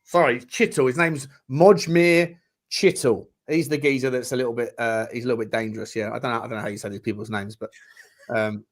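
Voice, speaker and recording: A man's voice: lowish voice, little pitch movement, very fast. A man co-hosting a football podcast, chatting casually with lots of slang, restarts and jokes. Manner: rambling, restarts and slang, jokey. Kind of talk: casual chat.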